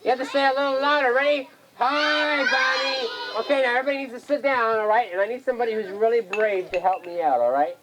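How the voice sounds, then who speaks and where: A woman's voice: on the high side, rapid-fire, hardly any pauses, background noise. Woman leading a kids' magic show. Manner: coaxing, singsong, calls on the kids to chant along. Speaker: magician performing for children. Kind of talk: children's party magic show patter. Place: home birthday party with children around. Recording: 1980s home VHS camcorder.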